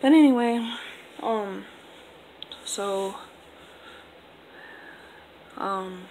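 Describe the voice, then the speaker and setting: Young woman vlogger, mid-pitched and gravelly with fry, casual rambling storytime delivery. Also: extremely slow, background noise. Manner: rambling, filler-heavy, laid-back.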